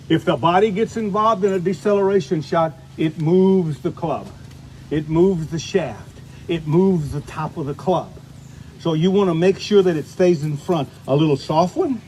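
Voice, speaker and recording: A man's voice: on the high side, warm tone, slight background noise. An older man giving a golf lesson outdoors, chatty and folksy, demonstrating shots as he talks. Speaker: golf instructor.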